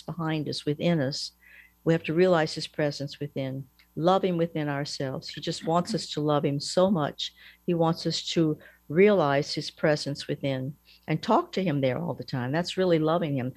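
A woman, a mother superior, giving a gentle and earnest devotional teaching with small fillers. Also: low-pitched, dry recording.

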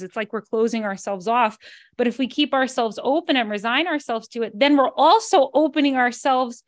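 A woman's voice: fairly high pitch, no echo, clean studio sound. A religious sister with a New York accent, talking casually about faith and laughing while she tells stories. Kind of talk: casual spiritual talk.

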